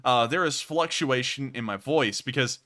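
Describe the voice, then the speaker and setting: A man hosting a casual livestream and answering viewer donations. He deliberately pushes his voice higher to keep his delivery lively. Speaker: livestream host reading donations.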